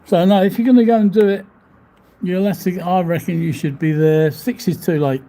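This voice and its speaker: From his seafront-view hotel room, a vlogger streams live and reads out the chat, rambling, laughing frequently and swearing a little. His voice is high and dark in tone, with a steady delivery at a normal pace.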